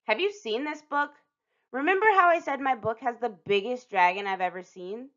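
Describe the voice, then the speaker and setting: A woman reading a picture book aloud to children as a storytime host, expressive and lingering on some phrases with dramatic pauses. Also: fairly high pitch. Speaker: storytime reader. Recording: dull lo-fi recording.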